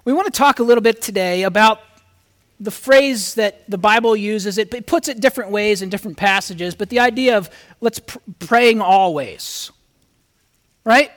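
High-voiced pastor preaching earnestly. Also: male voice, normal speed, a bit bright. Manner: earnest, speaks straight to the congregation, reads scripture aloud with rising emphasis. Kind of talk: conversational sermon with scripture reading.

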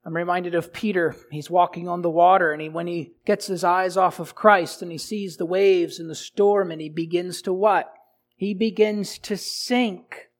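At a steady tone and normal speed, a male pastor delivers his sermon. He poses rhetorical questions to the congregation, his lines swinging from loud emphasis down to quiet, low delivery.

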